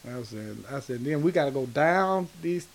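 A man from Atlanta with a Southern accent, telling stories in an interview in a halting, rambling way full of fillers. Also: medium pitch, lively intonation, rough recording. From Atlanta, Georgia. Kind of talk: casual storytelling in an interview.

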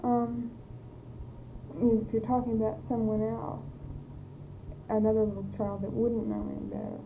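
A woman leads an interview, prompting someone to say set phrases. Her voice stays flat as she halts and restarts. It is an old, tinny tape with a light hiss. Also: a little high, normal speed. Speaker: interviewer eliciting speech samples. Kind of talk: speech elicitation interview.

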